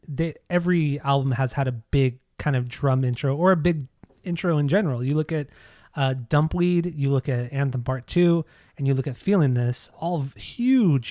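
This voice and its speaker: Male podcast co-host, somewhat high pitch, upbeat and chatty, dry studio sound. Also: warm tone, no room sound. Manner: enthusiastic, sings snippets of lyrics, laughs often. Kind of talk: casual music discussion.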